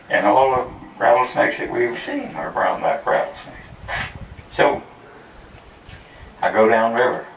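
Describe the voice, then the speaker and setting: A man's voice: medium pitch, a little slow, creaky, pauses often. A man telling a tall tale to a crowd at a community gathering, folksy and chuckling as he acts out the voices. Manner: folksy, chuckling, animated quotes. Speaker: storyteller at a community program. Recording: echoey, distant mic, faint noise.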